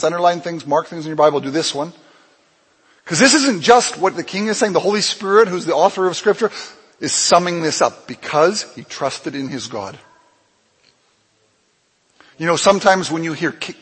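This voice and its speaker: A man pastor preaching a sermon, telling a Bible story with lively acted-out dialogue. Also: breathy edge. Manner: animated storytelling, acts out dialogue with swings in pitch and loudness. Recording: long hall reverb.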